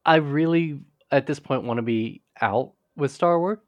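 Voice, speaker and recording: A man's voice: a little high, measured pace, no room sound, lo-fi sound. A man co-hosting a podcast, casually recapping a TV episode in a rambling way, with frequent restarts. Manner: rambling, restarts often, quotes characters in passing. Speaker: podcast co-host.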